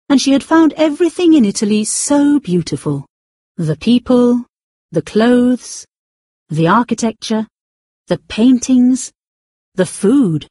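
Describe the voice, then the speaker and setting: A woman reading a novel aloud as narrator, expressive and slowing down to stretch out key words. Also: mid-range voice, breathy edge, dry recording, studio quality. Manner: expressive, with drawn-out emphasis. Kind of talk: scripted audiobook narration.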